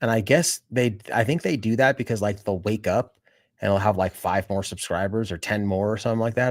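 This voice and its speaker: Rambling, casual male streamer with a low voice. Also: fairly quick. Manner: rambling, swears, says "dude" often; talks straight to his viewers. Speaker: live streamer. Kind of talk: casual live-stream chat.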